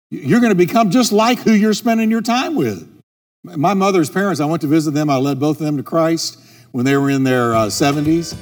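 A middle-aged male pastor preaches with emphasis, pitched a touch above the usual man and repeating his key lines. His voice carries a long reverb as in a large hall, with faint music underneath. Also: darkish tone. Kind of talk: sermon.

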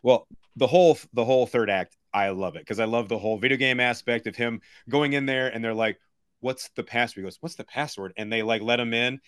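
A man talking casually on a podcast, excitedly retelling and acting out favorite movie scenes. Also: medium pitch, a little fast, clear, resonant tone, dry recording. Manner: enthusiastic, acts out movie lines. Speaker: podcast guest. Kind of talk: casual chat. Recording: dry close sound.

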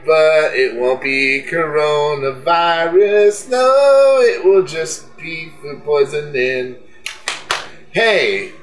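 Slow-talking sardonic male co-host. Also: fairly high pitch, fairly bright tone. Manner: dry, sardonic humor. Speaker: podcast co-host. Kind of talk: casual podcast chat.

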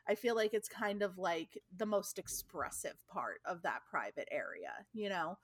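A woman's voice: on the low side, sing-song, moderate pace, no room sound, clean studio sound. A woman co-hosting a casual podcast chat, talking loosely and filling her sentences with "like". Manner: chatty, fills talk with "like". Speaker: podcast co-host.

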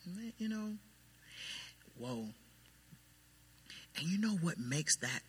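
A man preaching a sermon as pastor, emphatic and then quietly intense. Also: mid-range voice, big pitch swings, slow pace, pauses often, breathy edge. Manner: emphatic preaching that drops to soft, hushed intensity. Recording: long hall reverb.

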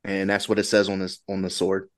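A man playing a tabletop role-playing game, speaking slowly in a drawl. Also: low-pitched, monotone, dry recording. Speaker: player.

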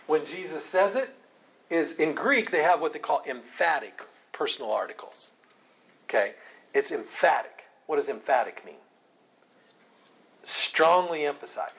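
A man's voice: on the high side, lively intonation, moderate pace, vocal fry, fairly bright tone, breathy edge. A man leading a Bible study, explaining Scripture in a conversational way and often asking rhetorical questions.

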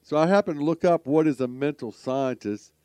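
A man's voice: a little high, brisk, a little mellow, no echo. A man hosting a radio talk show, folksy and rambling, often stumbling over his words. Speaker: podcast host.

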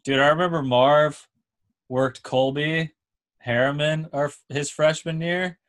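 A young man hosting a casual chat, telling a lively story and checking in with "right?" and "dude". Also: fairly high pitch, slow.

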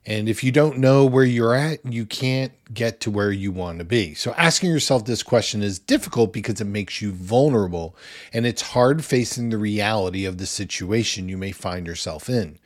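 A man with a somewhat low voice hosts a faith podcast. He teaches in an earnest, conversational way, now and then breaking into a small laugh. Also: moderate pace. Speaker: podcast host.

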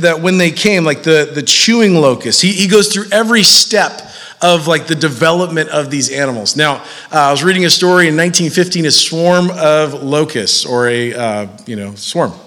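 A man's voice: fairly high pitch, bright, forceful tone, long reverb tail. A man preaching a sermon as pastor, talking conversationally and animatedly with frequent fillers and repeats.

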